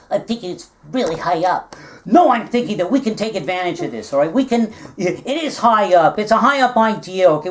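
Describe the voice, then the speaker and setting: A woman's voice: mid-range voice, lightly acted. Brief: woman as a scheming plotter, rambling and lecturing, mid-range voice. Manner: rambling, lecturing, with many "all right?" asides. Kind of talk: low-budget comedy film acting.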